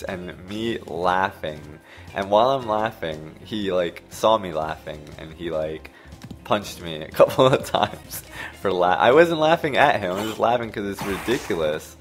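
Man in his 30s, lowish voice, casual rambling storyteller who laughs a lot, faint game music behind. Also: animated, unhurried. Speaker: gameplay commentator. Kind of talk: casual storytelling over gameplay.

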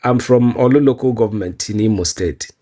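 A man's voice: mid-range voice, brisk, dark tone. A man from Nigeria with a Nigerian accent, answering interview questions in an earnest, proud way and laughing easily. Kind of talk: casual street interview.

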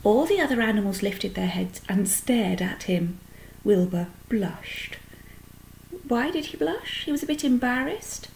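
A woman's voice: a little high, animated, a little slow, gravelly, a little mellow, a little hiss or hum, poor audio. Woman reading a children's story. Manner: explains words to children. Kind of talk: reading a children's book aloud.

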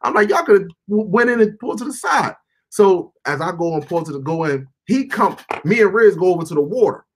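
A high-pitched man with a husky, grainy edge hosts casual reaction commentary. He talks in an animated, profane way, calling out to his viewers as his people. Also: brisk. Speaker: host.

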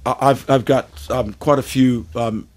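A man in an interview telling a story in a casual, animated way, with stammering restarts, frequent swearing and laughter. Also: mid-range voice, measured pace. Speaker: musician interview guest.

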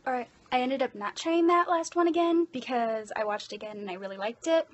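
A young Irish woman with a high voice speaks briskly, chatting casually about her voice-acting commissions and poking fun at herself. She is a hobby voice actor from Ireland.

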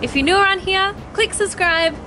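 A young woman vlogging her travels in a bubbly, excitable, gushing way. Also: very high voice, moderate pace, heavy background noise. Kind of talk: casual vlog narration. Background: background music.

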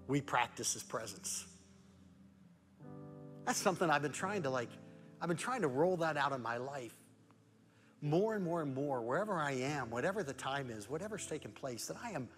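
A man preaching a sermon as pastor, moving between loud emphatic rhetorical questions and soft, hushed prayer. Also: on the high side, long reverb tail. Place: church sanctuary.

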